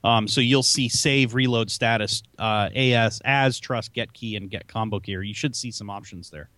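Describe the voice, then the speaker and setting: A man's voice: fairly low pitch, normal speed, fairly bright tone, no room sound. A man co-hosting a casual gaming show, explaining game commands step by step and often stopping mid-sentence to start again. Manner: hesitant, lots of um and uh, restarts. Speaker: show co-host.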